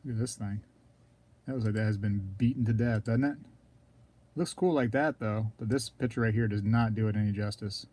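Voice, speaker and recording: Rambling man clearing his throat. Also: lowish voice, fairly quick, dark tone. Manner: rambling, talks to viewers in chat, clears throat often. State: throat scratchy, keeps coughing. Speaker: live stream host. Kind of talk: casual live stream chat.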